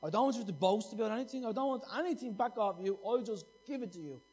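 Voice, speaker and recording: A man's voice: high voice, lively intonation, fast, a little mellow, husky. A middle-aged man preaching a sermon, impassioned and repeating phrases for emphasis.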